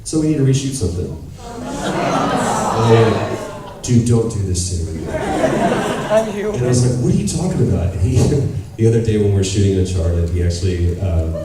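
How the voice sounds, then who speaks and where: A man in his thirties tells stories to a convention audience, open and animated, swearing and acting out what others said. His voice sits fairly low. The sound is taped from far back in a big, echoing hall. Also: normal speed, long pauses, heavy background noise. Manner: animated, candid storyteller who swears and acts out quotes. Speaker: convention panel guest. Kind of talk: audience Q&A storytelling.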